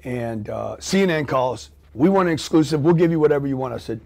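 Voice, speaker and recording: A middle-aged man spins a story as a guest, lively and profane, jumping into quoted voices and sound effects. His voice sits in a middle pitch and never settles flat. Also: fairly quick, gravelly. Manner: animated, profane, acts out scenes with sound effects. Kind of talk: storytelling in a podcast interview.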